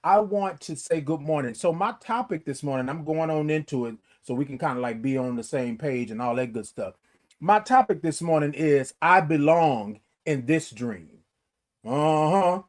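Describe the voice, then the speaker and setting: Lively, high-voiced man singing out greetings. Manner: animated, sings snatches and drawn-out greetings. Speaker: host of a morning livestream show. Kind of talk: casual chat greeting live viewers.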